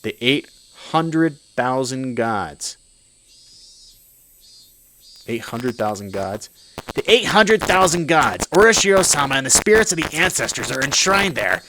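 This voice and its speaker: Man doing a gruff old mob-boss politician. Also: medium pitch, lively intonation, slow, hardly any pauses, a bit bright, a little hiss or hum, rough recording. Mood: angry commanding. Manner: gruff, commanding, threatening.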